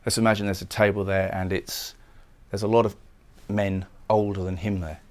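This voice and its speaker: A man's voice: low-pitched, little pitch movement, normal speed. A man giving a recorded poetry lecture, explaining lines of a poem and often repeating words as he goes. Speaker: literature lecturer.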